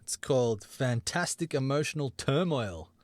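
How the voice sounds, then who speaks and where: A man's voice: mid-range voice, animated, moderate pace, a little mellow, no room sound. Male podcast host, casual banter, reads quiz clues with playful energy, dry close sound.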